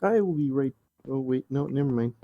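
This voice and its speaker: A man's voice: mid-range voice, animated, fairly quick, phone-quality sound. A man bantering and cracking jokes with a friend during a game. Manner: joking, teasing. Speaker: co-player. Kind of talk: casual gaming banter.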